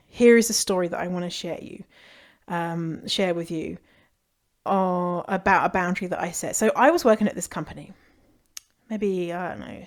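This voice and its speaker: A woman's voice: medium pitch, darkish tone. A British woman hosting a podcast, giving casual advice in a frank, chatty way, swearing freely and laughing easily. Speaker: podcast host.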